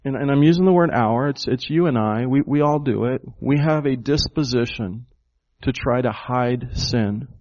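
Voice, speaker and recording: A man's voice: medium pitch, moderate pace, a little mellow, highs cut off. A man preaching a sermon, emphatic and full of rhetorical questions to the congregation. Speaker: pastor.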